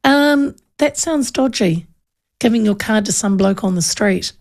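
A woman hosting a radio show, talking. She chats casually and rambles from one story to the next, often restarting her sentences. Her voice has a gravelly, creaky edge. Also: medium pitch, animated, measured pace. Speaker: radio host. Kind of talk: casual chat.

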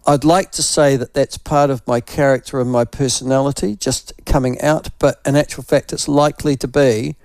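A man's voice: mid-range voice, steady tone, normal speed, hardly any pauses, darkish tone, no room sound, studio quality. An older man from New Zealand with a New Zealand accent, a radio host telling a rambling, self-mocking story in casual morning chat while unwell with flu.

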